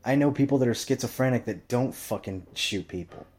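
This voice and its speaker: A young man talking casually into a mic in a profane, rambling monologue, swearing constantly and telling animated stories. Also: medium pitch, a little fast. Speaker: commentator.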